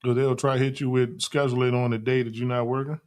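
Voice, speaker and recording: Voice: medium pitch, level tone, fast, darkish tone. A podcast co-host chiming in with short, laughing remarks during casual chat.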